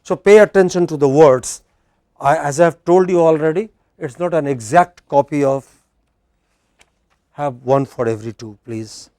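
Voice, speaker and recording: A male teacher talks to his class in a fairly high voice. He is chatty, often restarts sentences and fires questions at the students. The sound is close and dry. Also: moderate pace, dark tone, no echo. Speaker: English teacher. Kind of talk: classroom instruction. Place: indoor classroom.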